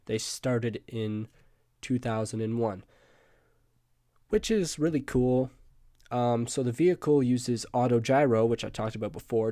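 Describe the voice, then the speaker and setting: A man who is sick and hoarse gives a casual presentation on screen. He rambles, adds asides and keeps correcting himself. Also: medium pitch, dark tone, no echo, clean studio sound. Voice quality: croaky. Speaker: student presenter.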